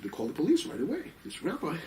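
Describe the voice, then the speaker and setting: Rabbi giving a class, man, raised voice, quick delivery, distant mic, faint background hiss. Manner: excitable, acts out quoted people with sudden jumps in pitch; sprinkles in Yiddish and Hebrew terms. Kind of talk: animated storytelling Torah class.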